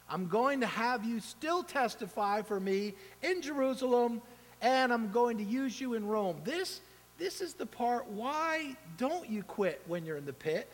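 A man preaching a sermon in an animated way, acting out the voices of the people he quotes. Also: sits high, normal speed. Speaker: pastor. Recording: long hall reverb.

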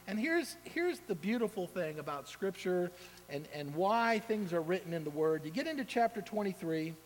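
A male pastor with a high, lively voice that leaps up and drops low as he preaches. He acts out the people in his story with short dramatic voices. A long reverb trails after each phrase, like a large sanctuary. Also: normal speed. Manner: animated, acts out quoted voices. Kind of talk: sermon.

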